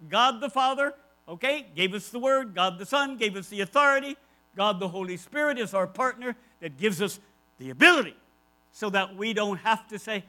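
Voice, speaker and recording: A man's voice: high-pitched, expressive, moderate pace, sharp tone, rough recording. A man preaching a conversational sermon, emphatic and repeating key phrases, with asides to his listeners.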